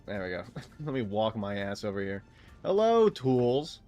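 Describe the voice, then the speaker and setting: A man's voice: lowish voice, a little fast, dull audio, faint music behind. A young man casually commenting while he plays a video game, rambling and joking with frequent laughs. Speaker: gaming streamer.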